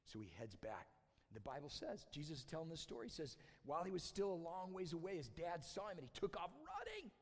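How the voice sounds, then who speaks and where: Male pastor, sermon storyteller, bright upper register, big church reverb, swings loud to hushed. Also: a little high, very animated, fast. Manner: storytelling, acting out quoted voices, swings from loud shouts to hushed near-whispers.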